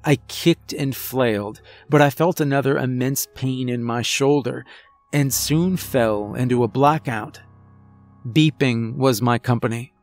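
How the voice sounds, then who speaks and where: A man narrating a scripted first-person horror story in a measured, tense way. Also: mid-range voice, soft background music.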